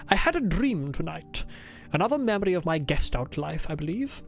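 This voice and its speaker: A woman's voice: sits low, very animated, a little fast, soft background music. Woman putting on a pompous male officer. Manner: stiff, formal reading with a put-on accent. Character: pompous, insufferable male officer keeping a diary. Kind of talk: reading a game diary aloud in character.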